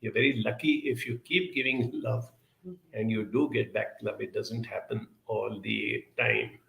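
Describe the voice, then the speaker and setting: Gravelly, bright-voiced man giving measured advice. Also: mid-range voice, fairly even intonation, reverberant, rough recording. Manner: measured, deliberate, with frequent "uh" pauses. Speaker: speaker answering audience questions. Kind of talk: reflective advice talk.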